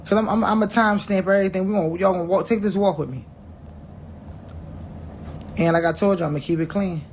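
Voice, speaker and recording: His voice sits high with vocal fry and a steady tone, and he talks fast. The man gives viewers a crude, blunt account of something personal, acting out people's lines and often repeating or restarting words, with slight background noise.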